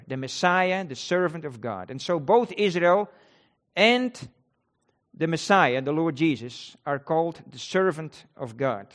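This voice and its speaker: Man preaching, emphatic, repeats key words, a touch high-pitched. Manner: emphatic, repeats key words, quotes scripture with rising intensity. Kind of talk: sermon.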